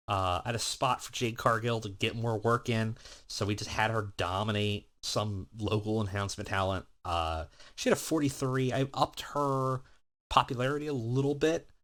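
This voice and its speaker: A man's voice: mid-range voice, moderate pace, fairly bright tone. A man giving casual, rambling commentary on a wrestling management game, with many filler words. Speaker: let's play host.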